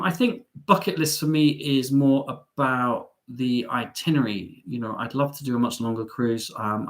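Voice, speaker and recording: A young man from England hosting a live stream. He reads out viewer comments and answers them in a chatty, playful way, often jumping up high in pitch. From Devon, England. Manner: lively and playful, with big jumps up in pitch.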